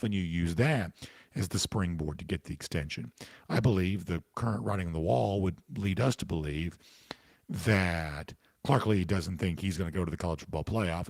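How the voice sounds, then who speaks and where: Gravelly low-voiced male sports talk host. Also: a little mellow, dry recording. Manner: conversational, opinionated, emphatic. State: has the hiccups. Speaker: podcast host answering listener comments. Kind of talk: casual opinion commentary.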